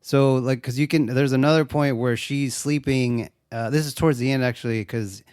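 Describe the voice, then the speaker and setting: A man's voice: medium pitch, fairly even intonation, moderate pace, a little mellow, clear, resonant tone, no echo, studio quality. A young man co-hosting a podcast, casually recapping a horror movie, swearing a lot and acting out the characters' lines. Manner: laid-back, swears a lot, acts out quotes. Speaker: podcast co-host.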